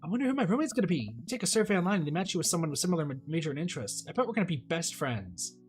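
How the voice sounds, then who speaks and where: Excited teenage girl, a streamer doing her voice, bubbly and eager, lively pitch, faint guitar behind. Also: rapid-fire, natural voice. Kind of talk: reading game dialogue aloud.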